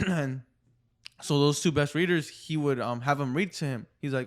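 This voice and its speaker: A man talking as a podcast guest, telling stories fast and swearing often in casual chat. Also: on the high side. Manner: fast, profane storytelling. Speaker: podcast guest, studio owner.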